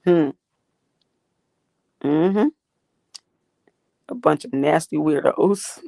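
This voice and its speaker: A woman's voice: low-pitched, drawn-out words, vocal fry, dark tone, no echo, clean studio sound. A woman hosting a livestream, ranting and talking back to her chat in a profane, confrontational way. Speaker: livestream host.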